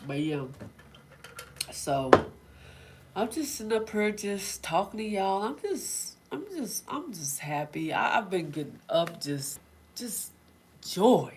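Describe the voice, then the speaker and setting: A woman's voice: mid-range voice, very animated, slow pace, background noise. Chatty woman. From Oklahoma, USA. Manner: chatty and rambling, acting out quotes. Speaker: self-care vlog host. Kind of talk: casual chat with live viewers.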